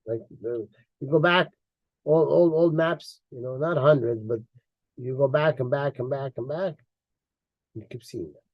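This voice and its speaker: A man with a mid-range voice speaks a little slowly, leaving long pauses, in a dry recording with the highs cut off. As an online commentator, he delivers a heated monologue, mocking and insulting while repeating words for emphasis.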